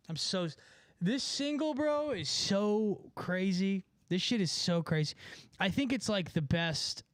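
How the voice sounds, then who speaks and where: Excitable high-voiced young guy ranting. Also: no echo, studio quality. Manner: rambling, profane, excitable, lots of filler. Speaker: musician streaming to chat. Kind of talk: casual livestream chat.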